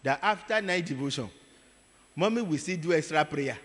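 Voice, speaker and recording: A man voicing a terrified young housemaid who wails and pleads in a high, breathless voice. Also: animated, normal speed, fairly bright tone. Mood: confessing. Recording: long hall reverb.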